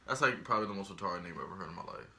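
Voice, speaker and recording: A young man co-hosting a casual podcast, tossing in quick, sarcastic remarks. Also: deep voice, lively intonation, sharp tone. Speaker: podcast co-host. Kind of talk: casual chat.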